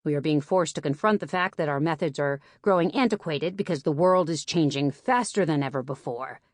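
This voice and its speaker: A woman reading an audiobook, voicing a tired man in his mid-thirties who talks in a ragged, breathy way. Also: a little high, fairly quick, dry recording, studio quality, close to an everyday voice.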